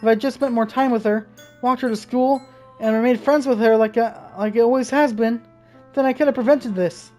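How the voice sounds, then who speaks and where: Reading a visual novel's text aloud in a let's-play, this young gaming streamer has a fairly high, fairly even voice that's a little fast and a little mellow. Her reading is broken by frightened swearing, with faint game music behind her.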